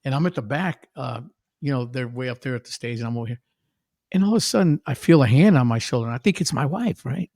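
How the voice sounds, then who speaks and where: A man, a musician guest on a podcast, telling animated stories in casual chat and laughing often. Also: mid-range voice, fast, no echo, clean studio sound.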